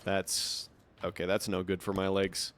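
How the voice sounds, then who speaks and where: A man's voice: low voice, monotone, measured pace, fairly bright tone, a little hiss or hum. Man chatting through a game stream. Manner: rambling, reads in-game notes aloud. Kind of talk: casual gameplay commentary.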